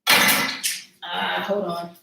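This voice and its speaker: A woman's voice: lowish voice, level tone, very slow, vocal fry, echoey room, heavy background noise. A woman hosting a casual cooking livestream, chatting to viewers as y'all and thinking aloud as she cooks in her home kitchen.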